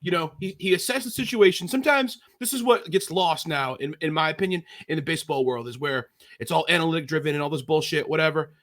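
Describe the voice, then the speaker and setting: High-voiced, enthusiastic man talking sports. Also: fast, few pauses, fairly bright tone. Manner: enthusiastic, opinionated. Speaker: podcast co-host. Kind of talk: casual sports chat.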